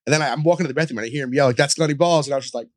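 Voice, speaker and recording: A man's voice: mid-range voice, dry recording, studio quality. A young man on a podcast, telling rambling stories full of fillers and swearing. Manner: rapid storytelling with lots of fillers and swearing. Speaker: podcast guest. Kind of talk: casual chat.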